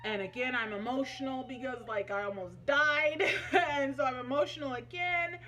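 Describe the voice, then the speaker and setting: A woman's voice: sits high, moderate pace, sharp tone, a little hiss or hum. A young adult woman vlogging casually, telling a personal story in a chatty, emotional way with many fillers.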